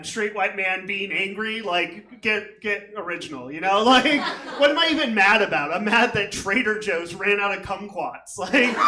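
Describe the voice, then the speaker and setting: A man's voice: sits high, sharp tone, slight background noise. A man doing a stand-up comedy set on a theater stage, rambling and self-deprecating with many fillers, recorded live with a crowd laughing. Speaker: stand-up comic. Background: audience laughter.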